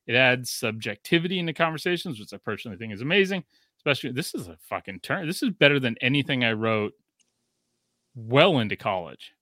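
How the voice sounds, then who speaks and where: A man's voice: medium pitch, a little fast, no echo, clean studio sound. A man in his thirties, a podcast host, reading a listener review aloud and joking in casual chat. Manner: joking, profane, animated.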